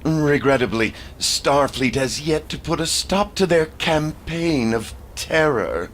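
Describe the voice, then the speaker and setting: An actor playing a measured, wary male alien delegate in a video game, speaking with formal, deliberate diplomatic phrasing. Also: on the high side, lively intonation, fairly bright tone, a little hiss or hum.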